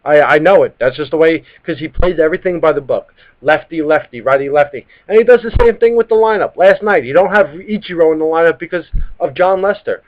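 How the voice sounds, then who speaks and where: A New man in his thirties hosts a live sports talk stream, ranting hot and swearing freely. His voice sits fairly high. The sound is muffled and lo-fi, like a cheap webcast. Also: fairly quick. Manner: heated, profane ranting. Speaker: sports talk show host. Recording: dull lo-fi live stream audio.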